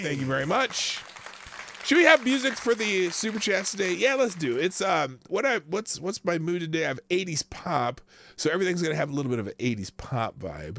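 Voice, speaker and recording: A man hosts a casual live news stream, mocking headlines with sarcastic asides, laughing often and swinging between loud outbursts and low mutters. His delivery is sing-song and a little fast, with soft music in the background.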